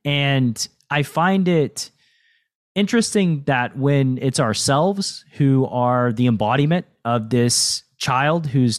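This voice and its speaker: A man hosting a podcast interview in a reflective, coaching tone, often checking in with "right?". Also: medium pitch. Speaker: podcast host. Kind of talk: casual interview chat.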